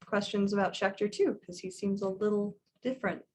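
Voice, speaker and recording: A woman's voice: medium pitch, fairly even intonation, a little fast, a little mellow, a little hiss or hum. A woman playing a tabletop game, speaking in character in a polite, earnest, formal way. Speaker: player. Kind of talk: in-character tabletop role-play.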